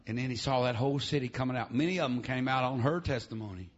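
A middle-aged man preaching a revival sermon in church, dropping "uh, amen" between his phrases in a shouting preaching cadence. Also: mid-range voice, fast talker, dull audio.

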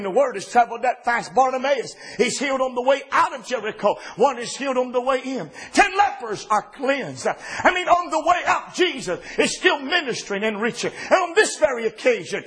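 A man preaching a sermon in an impassioned style, often rising to shouts and dropping low for quoted words. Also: husky.

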